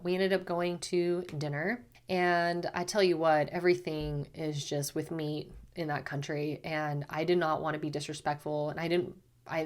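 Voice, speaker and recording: A woman with a low-pitched voice tells a personal story straight to camera. She speaks as a spiritual teacher, casual and chatty. She leans on "like" and slips into animated quotes of herself.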